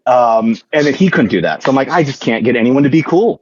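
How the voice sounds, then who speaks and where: Rambling, joking man with a husky voice. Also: mid-range voice, lively intonation, fast, few pauses, no echo, lo-fi sound. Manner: rambling, joking, many fillers and restarts. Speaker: podcast guest, tabletop wargame player. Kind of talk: casual storytelling chat.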